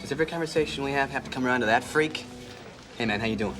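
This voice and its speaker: An actor playing an exasperated man in a TV drama, talking quickly and with irritation over score music. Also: mid-range voice, close to an everyday voice. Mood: irritated.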